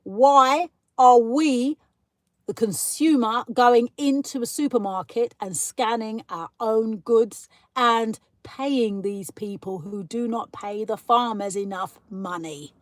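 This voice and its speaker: A woman's voice: fairly high pitch, slow pace, hardly any pauses, no echo. A British woman hosting a casual live stream, chatting and ranting as she answers viewer comments. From Britain. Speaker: livestream host.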